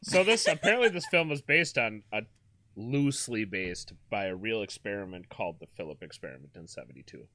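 A man co-hosts a loose comedy podcast, steering the talk with quick jokes. His voice is bright and forward, and it sounds close and dry with no room around it. He talks in an easy, teasing way. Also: fairly low pitch, lively intonation, dry recording. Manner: joking, leads the discussion. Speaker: podcast co-host. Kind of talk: casual comedic podcast chat.

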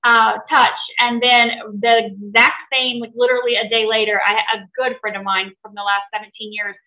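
A middle-aged woman telling a personal story to an audience in an animated way, often laughing. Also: fairly high pitch, moderate pace, reverberant, low-quality recording. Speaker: presenter.

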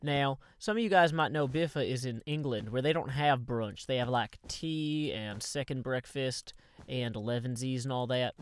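A man's voice: mid-range voice, normal speed, clean tone. A man hosting a Minecraft video, giving casual gameplay commentary full of playful, rambling asides to his viewers.

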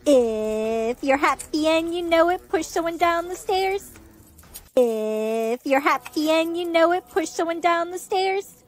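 A very high-pitched, synthetic female voice chants orders in a sing-song pattern as an eerie game voice, read out by text-to-speech. The delivery is flat and machine-made. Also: slow, full character voice. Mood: commanding. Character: commanding game voice giving deadly orders.

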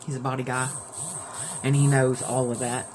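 A woman's voice: rumbling low, level tone, normal speed, background noise. A woman hosting a casual live stream, upset and near tears, rambling with many fillers and restarts.

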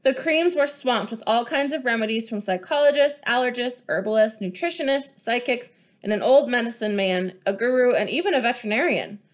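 Young woman, storybook read-aloud, clear and expressive, a bit high. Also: brisk. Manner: expressive and clear, showing pages. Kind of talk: reading a picture book aloud.

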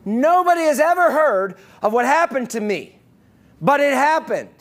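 A man's voice: very high voice, very animated, normal speed, a bit bright, voice pushed up, heavily acted. A man playing a sarcastic, bold once-blind man. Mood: incredulous. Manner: bold, incredulous, rising emphasis. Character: sarcastic plain-spoken formerly blind man.

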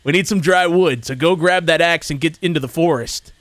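Dude doing a stern bossy camp leader from a horror game, pitched kinda high, dry sound. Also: male voice, a little fast, a bit bright, no echo, lightly acted.

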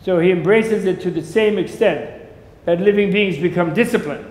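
A man's voice: sits high, moderate pace, darkish tone. Jokey man lecturing in an echoey room. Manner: digressive, jokey, chuckling. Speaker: lecturer on Buddhism. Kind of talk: casual lecture to a class.

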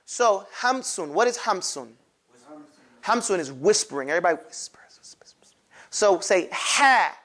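A man's voice: high voice, expressive, normal speed, a bit bright. A man teaching a classroom lesson on pronouncing letters for Quran recitation, animatedly drilling his class to repeat sounds aloud.

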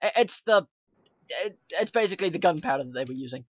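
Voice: mid-range voice, animated, fast, no room sound. Laughing streamer on dull, dry audio. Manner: laughs often, explains with restarts. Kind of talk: casual chat while playing.

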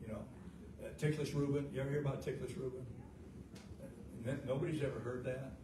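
A middle-aged pastor preaches a folksy, fervent sermon in a church sanctuary, his voice swinging from loud, high peaks to low, quiet stretches, with frequent "uh" fillers. His tone is steady and his pace a little fast. The recording is noisy and roomy, captured far from the mic.

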